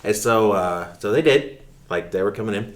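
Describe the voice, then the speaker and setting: Give me a man with a fairly low voice, telling a meandering anecdote in a podcast chat. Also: expressive, normal speed. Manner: rambling storyteller with restarts and quoted asides. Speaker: teacher and coach. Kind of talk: telling stories in a podcast interview.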